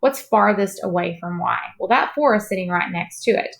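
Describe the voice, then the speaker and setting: Late at night, a woman math teacher records a lesson, sounding tired and clearing her throat from time to time. She stays patient and reassuring with her students, in a mid-range voice at a normal speed.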